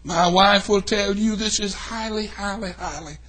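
Fiery older preacher, high bright voice. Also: male voice, moderate pace. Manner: swings from hushed to shouting, folksy storytelling. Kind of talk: revival sermon.

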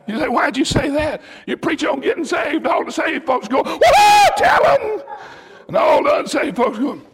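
A male preacher delivering a sermon, shouting in bursts as he tells a story. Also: very high-pitched, moderate pace, a crowd in the background.

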